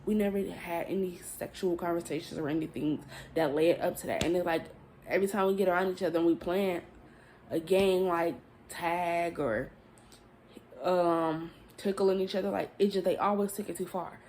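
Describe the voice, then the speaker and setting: Candid rambling young woman, gravelly voice. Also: on the low side, fairly even intonation, normal speed, a little mellow, a little hiss or hum. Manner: candid, rambling, swears freely, addresses viewers as y'all. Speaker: vlogger telling a story. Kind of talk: casual storytime chat to camera.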